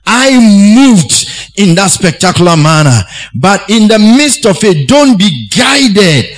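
A man preaching a sermon, slow and deliberate, repeating key phrases for emphasis. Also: high-pitched, very animated, low-quality recording.

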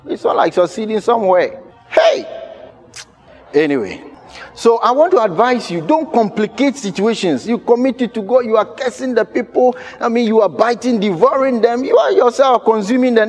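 A man's voice: sits high, animated, normal speed. A man with a Ghanaian accent preaching a sermon as pastor, emphatic and repetitive, firing rhetorical questions at the congregation.

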